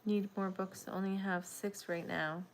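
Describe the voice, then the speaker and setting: A woman's voice: mid-range voice, fairly even intonation, unhurried, a little hiss or hum. A tired, yawning woman hosting a casual crochet livestream, rambling and reading viewer comments aloud.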